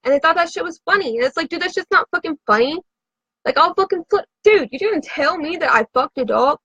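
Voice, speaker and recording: A woman's voice: very high voice, expressive, a little fast, sharp tone, dry recording, rough recording. A woman who has been drinking, telling a rambling, profane story to a live audience in a frantic, confessional way.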